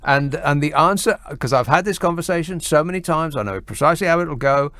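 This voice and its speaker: A man's voice: a little high, a little fast, a bit bright, dry recording, clean studio sound. A man hosting a late-night radio phone-in, sardonic and exasperated as he argues with callers. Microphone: studio microphone.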